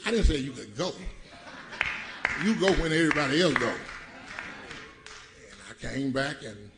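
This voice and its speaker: A middle-aged man preaching a sermon, telling stories, swinging between laughing asides and shouted points. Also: mid-range voice, moderate pace, noisy background. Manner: animated, shouting and laughing with the congregation. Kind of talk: sermon storytelling. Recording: church congregation audible. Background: live congregation.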